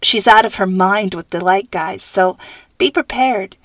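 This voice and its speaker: A woman's voice: medium pitch, unhurried, fairly bright tone, no room sound. Woman reading chatty teen girl spilling gossip, dry sound. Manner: chatty, confiding. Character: chatty knowing teenage girl.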